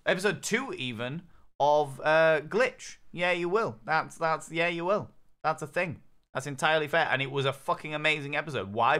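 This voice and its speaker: Young male streamer, cheeky, profane, joking with chat, bright forceful tone. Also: on the high side, clean tone. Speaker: gaming streamer. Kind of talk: casual live-stream commentary.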